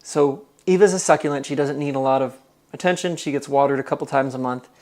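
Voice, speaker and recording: A man's voice: medium pitch, fast talker. Chatty man hosting a cooking stream. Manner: chatty, reads chat aloud, thinks out loud. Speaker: live-stream cooking host. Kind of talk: casual live-stream chat while cooking. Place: home kitchen.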